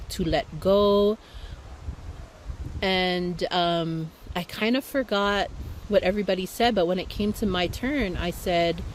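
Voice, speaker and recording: Speaking in an online talk, a Hawaiian woman shares a personal story in a heartfelt, reflective, unhurried way with fillers. Her voice is lowish, and the low-quality recording carries slight background noise.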